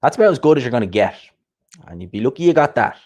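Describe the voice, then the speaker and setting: A man hosting a casual livestream chat, chatty and quick to laugh, often repeating himself and swearing. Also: medium pitch, expressive, a little mellow. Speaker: host.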